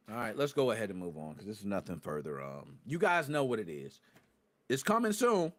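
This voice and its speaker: A young man hosting a podcast, ranting to his live chat in profane street slang and swinging between loud outbursts and low muttered asides. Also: wildly swooping pitch, fairly quick. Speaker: podcast host.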